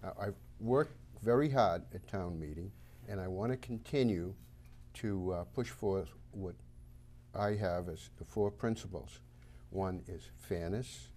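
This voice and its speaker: A self-assured man with a Boston accent talks on a local talk show. He sets out his points one by one, emphatic and certain. His voice sits a little low. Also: measured pace, a little mellow. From Massachusetts. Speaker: town moderator candidate.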